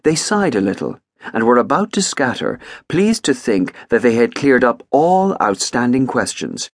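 Man, audiobook narration, husky tone, dry close sound, wry storytelling. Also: mid-range voice, big pitch swings, moderate pace, dry recording. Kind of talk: scripted narration.

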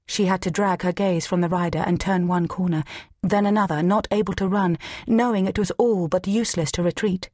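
A woman narrating an audiobook in a measured, steady reading. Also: on the low side, no echo, clean studio sound. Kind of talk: scripted narration.

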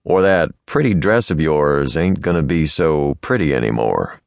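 A man's voice: extremely low pitch, animated, gravelly, no echo, studio quality, pitched below the performer's own voice, heavily acted. A man doing a drawling outlaw cowboy. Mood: teasing. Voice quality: slow drawl.

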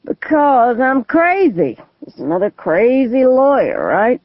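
A woman's voice: on the high side, wildly swooping pitch, takes it slowly, dry recording, voice pushed up, heavily acted. A woman voicing a drunk, suicidal middle-aged male lawyer with a mocking, drawling manner, on a tinny, phone-like recording. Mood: taunting. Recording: tinny phone-like, dry audio.

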